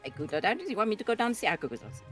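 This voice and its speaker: Male player, eager, very animated pitch, soft music behind. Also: very fast, poor audio. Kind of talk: casual tabletop play.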